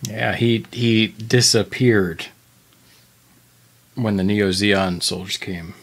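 A fairly low-pitched man on a casual podcast, trading dry, wry quips with his co-hosts. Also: steady tone, slow pace, slightly rough. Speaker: podcast co-host. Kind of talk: casual chat.

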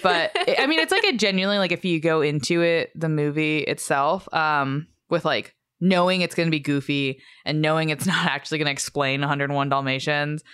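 A woman's voice: deep voice, fairly quick, hardly any pauses, a bit bright, smooth, no room sound, clean studio sound. A young woman co-hosting a podcast in casual chat, chatty and laughing often, with lots of fillers. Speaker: podcast co-host.

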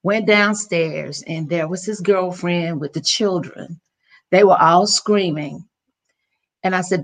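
Middle-aged woman with a gravelly voice, pitched a bit low, earnest and emotional, restarts a lot. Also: measured pace. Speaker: interview guest. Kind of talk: personal storytelling.

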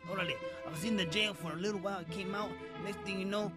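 A man's voice: high-pitched, steady tone, quick pace, lightly acted. A man putting on a swaggering streetwise ex-con. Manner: swaggering, crude bragging with slang. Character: boastful streetwise male ex-con turned rich. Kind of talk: comedy character monologue. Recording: loud music bed behind voice.

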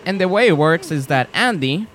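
A man hosting a podcast, chatting casually and telling stories in an animated way. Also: on the high side, a little fast, background noise. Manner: animated storytelling, lively intonation. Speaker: podcast host. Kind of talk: casual chat.

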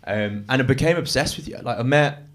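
A man's voice: medium pitch, a little fast. A man talking earnestly and emotionally in a casual chat, often restarting his sentences. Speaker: guest.

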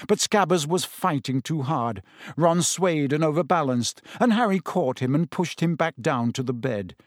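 A man narrating an audiobook in a measured, even way. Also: on the high side, no room sound, studio quality. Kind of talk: scripted narration.

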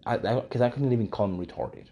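Heated, profane man with a dark voice. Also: mid-range voice, very animated, fast, vocal fry. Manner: profane, heated, repeats himself. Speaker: commentator reading a news article. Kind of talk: ranting commentary.

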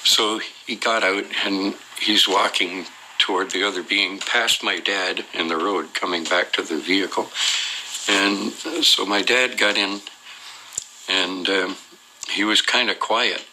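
Deep gravelly man telling a story. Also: steady tone, unhurried, sharp tone, slight background noise, low-quality recording. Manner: rambling, hesitant, full of "uh" and restarts. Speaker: eyewitness telling his own experience. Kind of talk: unscripted personal storytelling.

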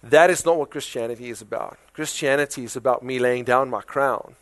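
A man with a South African accent preaching a sermon in a conversational, animated way, full of rhetorical questions. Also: medium pitch, brisk, no echo. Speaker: pastor.

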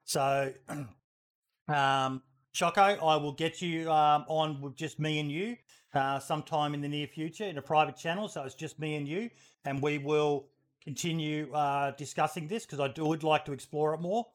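A man's voice: on the high side, fairly even intonation, moderate pace. A man hosting a casual livestream podcast, talking bluntly and swearing freely. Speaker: podcast host.

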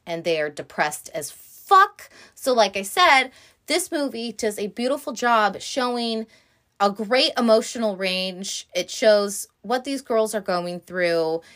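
A woman casually retelling the plot of an animated film in her own words, chatty and quick to swear. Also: mid-range voice. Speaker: movie recap vlogger.

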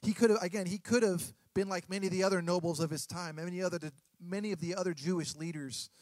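An earnest male pastor in his thirties preaches a sermon, often stumbling and restarting mid-sentence. His voice sits fairly high for a man. The sound is dry and close, with little room echo. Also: fairly even intonation, a little mellow. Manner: earnest, halting with frequent restarts.

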